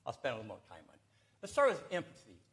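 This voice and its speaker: A man pastor giving a folksy sermon, telling a joke and explaining ideas with pauses and emphasis. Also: medium pitch. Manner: folksy, lively storytelling with pauses. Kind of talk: sermon with jokes. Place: church sanctuary.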